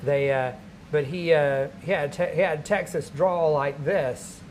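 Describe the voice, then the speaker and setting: A man, a stand-up comedian, telling a long anecdote in casual chat, animated and laughing between lines, with many fillers. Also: fairly high pitch, unhurried, slight background noise.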